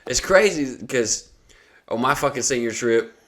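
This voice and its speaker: A man's voice: medium pitch, expressive, a little slow, a bit bright. A young adult man hosting a podcast, casually telling a rambling, profane story full of fillers. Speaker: podcast host.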